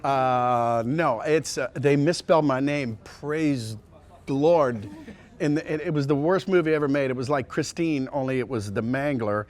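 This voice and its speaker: A male voice actor telling casual anecdotes in an interview, rambling with many restarts and sliding into quick impressions. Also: mid-range voice, a little mellow. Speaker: voice actor guest.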